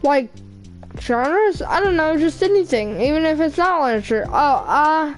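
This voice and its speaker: A woman reading a visual novel aloud, voicing a shy, bookish teenage girl who talks haltingly and apologetically. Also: high voice, animated, soft background music, pitched above the performer's own voice, poor audio. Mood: nervous. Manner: halting, apologetic, stumbles over words.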